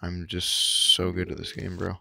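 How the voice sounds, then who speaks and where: A man giving slangy, boastful, rambling let's-play commentary in a hushed voice late at night, with a frog in his throat and his voice cracking. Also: deep voice, completely flat delivery, moderate pace. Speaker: gamer. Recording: game music playing clearly underneath. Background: game music.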